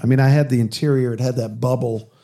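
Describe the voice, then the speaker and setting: Male host, loose and profane storyteller, warm low timbre. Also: steady tone, fast talker. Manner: profane storyteller who acts out quoted exchanges. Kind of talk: casual car chat.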